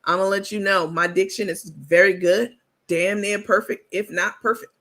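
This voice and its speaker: A woman host from New York talks straight to her audience in a loose, candid chat. Her voice is bright and forward, and she leans on y'all and baby as she brags on herself. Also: medium pitch, fairly even intonation, normal speed. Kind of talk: casual commentary to viewers.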